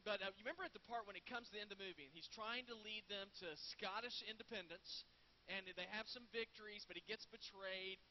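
A man with a notably high voice preaches to his congregation in an earnest, conversational way, often doubling his words. The recording is dull and lo-fi, with a faint hiss underneath. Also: quick pace. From United States. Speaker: pastor. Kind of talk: sermon.

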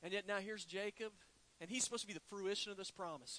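A male pastor delivers a sermon with a high, bright voice. He talks in a folksy, conversational way, teasing the congregation with asides. His delivery swings from animated emphasis down to a near hush. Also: fast, slight background noise, poor audio. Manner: animated preaching with sudden drops to a hush.

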